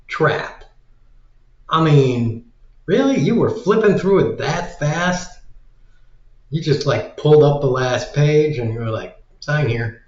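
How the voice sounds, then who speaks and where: A man ranting in slow, drawn-out bursts, sarcastic and exasperated, swearing freely. His voice sits in the middle range. The recording has a roomy echo and a slightly dull, muffled tone. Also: medium pitch. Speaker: video commentator. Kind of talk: casual ranting commentary.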